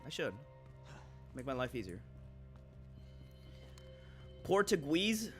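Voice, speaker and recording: A man's voice: a little high, very animated, slow pace, fairly bright tone, faint music behind. A man streaming a video game, chatting casually and joking, laughing often and tossing in Spanish exclamations. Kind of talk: casual chat while gaming.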